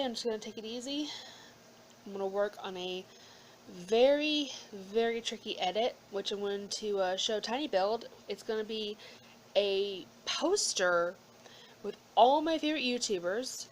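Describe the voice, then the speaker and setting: A woman vlogger rambles through a casual channel update in a voice of middling pitch. She sounds emotional and close to tears, often slipping into a hushed whisper. Faint room ambience hums behind her. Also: a little hiss or hum, poor audio. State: holding back tears. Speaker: YouTuber.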